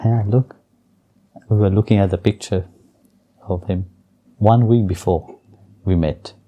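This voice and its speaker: A man telling a devotional story in an interview and teaching with gentle, chuckling warmth and simple, non-native phrasing. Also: low-pitched, fairly even intonation, unhurried, muffled recording. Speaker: spiritual teacher.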